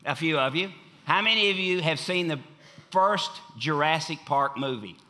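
A man with a bright, slightly high voice preaches to his congregation in a church. He is emphatic, hammering on repeated phrases, then dropping to a hushed tone before building again. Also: animated, moderate pace. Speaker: pastor. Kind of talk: sermon. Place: church sanctuary.

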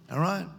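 A man's voice: pushed and bright, a little hiss or hum. A man preaching a sermon, telling the story and acting out its scenes in character voices. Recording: echoey hall.

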